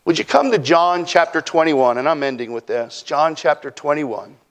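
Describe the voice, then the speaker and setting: High-voiced folksy preacher. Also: male voice, animated, moderate pace. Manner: folksy, preaching with acted-out quotes. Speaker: pastor. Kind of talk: sermon.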